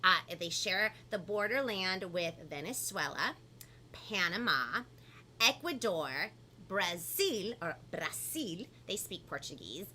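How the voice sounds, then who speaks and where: A woman hosting a children's live stream, talking in a bubbly, animated way and reading out viewer comments. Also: on the low side, takes it slowly, a little hiss or hum. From family from Peru. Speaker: host of a live kids' show. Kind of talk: upbeat live-stream chat.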